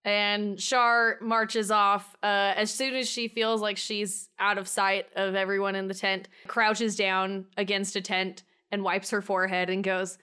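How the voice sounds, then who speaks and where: A woman's voice: medium pitch, little pitch movement, unhurried, hardly any pauses, sharp tone, clean tone. A woman player casually narrating her character's actions in a tabletop game. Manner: easygoing, chatty.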